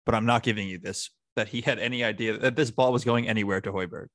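A man's voice: lowish voice, fairly even intonation, fast, a bit bright. A man co-hosting a casual sports podcast, chatting like a fan and recounting his reactions. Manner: chatty fan talk, quotes his own thoughts. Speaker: podcast co-host.

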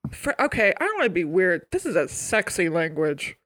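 A woman's voice: fairly low pitch, very animated, a little fast. A woman co-hosting a podcast in casual, joking chat that rambles playfully. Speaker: podcast co-host.

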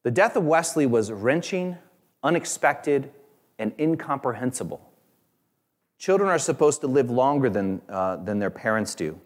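A man's voice: mid-range voice, expressive, moderate pace. A man preaching a Sunday sermon in a church, telling a story in an earnest, conversational way. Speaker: pastor.

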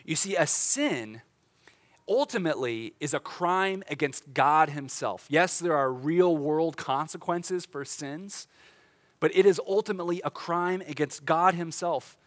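Young male pastor, slightly high voice, chatty sermon delivery with dramatic pauses. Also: expressive. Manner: conversational, with laughs and dramatic slowdowns.

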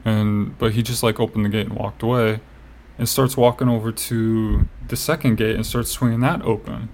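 Gravelly man rambling through a story. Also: lowish voice, steady tone, moderate pace, a little mellow, a little hiss or hum. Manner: rambling storyteller, heavy on "like" fillers, swears. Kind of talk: casual chat.

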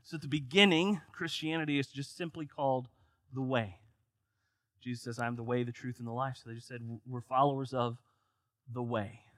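A man's voice: mid-range voice, fairly even intonation, normal speed, fairly bright tone, no echo. A man preaching a sermon, reading scripture aloud and then explaining it with rising emphasis.

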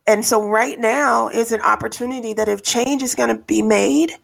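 A woman co-hosting a casual discussion, telling stories thoughtfully with frequent pauses and ums. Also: fairly high pitch, steady tone, vocal fry.

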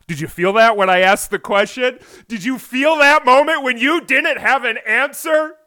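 Animated man hosting a solo podcast. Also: sits high, unhurried, dry recording, studio quality. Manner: animated, rhetorical questions, swings between loud and hushed. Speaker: podcast host. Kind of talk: solo wrestling podcast monologue. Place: home on the US West Coast.

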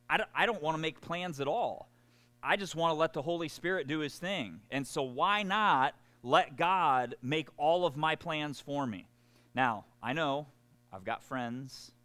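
A man's voice: medium pitch, smooth. A man preaching a sermon as pastor, chatty and self-deprecating, with many restarts. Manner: conversational, animated, self-deprecating, frequent "y'all" and restarts.

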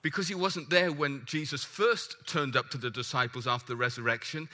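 A man preaching a sermon, emphatic and animated, putting questions to the congregation. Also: medium pitch, brisk.

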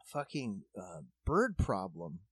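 A man's voice: sits low, takes it slowly, slightly rough, no echo. A man telling a long story in casual comedic chat, swearing freely and acting out what others said. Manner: profane, animated, acts out quotes.

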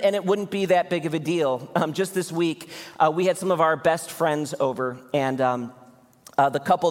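A man in his thirties preaches with a slightly raised voice, earnest and conversational, often turning to his listeners directly. His voice rings out with a long reverb from a large church hall, picked up on a close mic. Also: a little high. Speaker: pastor. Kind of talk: sermon.

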